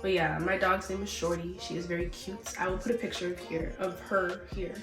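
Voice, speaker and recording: A young woman telling stories in a casual vlog, animated and profane, acting out both sides of arguments and sounding a little sick. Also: fairly low pitch, a little fast, distant mic. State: sick, a bit out of breath. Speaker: vlogger. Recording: roomy echo, slightly off-mic, faint music.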